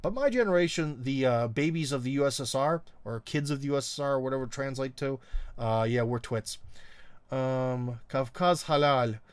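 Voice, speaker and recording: A middle-aged man hosts a casual live stream, answering viewer comments off the cuff. His delivery rambles and wanders, thick with ums and uhs, and has a wry, teasing edge. The voice sits at an ordinary male pitch and sounds dry and close. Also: moderate pace, a little mellow, smooth, no echo.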